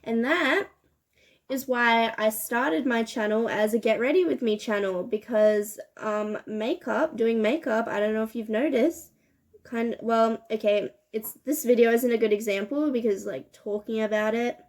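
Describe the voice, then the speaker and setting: A woman's voice: fairly high pitch, unhurried. A young woman chatting casually while doing her makeup, laughing and swearing often. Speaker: beauty vlogger. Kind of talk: get-ready-with-me chat.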